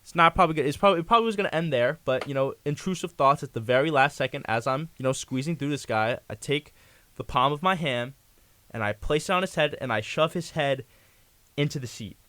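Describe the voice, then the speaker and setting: A man's voice: fairly high pitch, fast talker, fairly bright tone, no room sound. Rambling young man telling a story. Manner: rambling anecdote full of fillers and restarts. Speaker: guest. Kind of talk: casual storytelling on a talk show.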